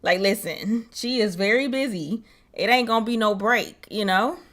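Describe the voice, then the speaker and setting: A young woman co-hosting a casual podcast, talking in a lively way and jumping high in pitch when she mocks what other people say. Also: moderate pace. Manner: animated, swoops high when mocking others. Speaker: podcast co-host.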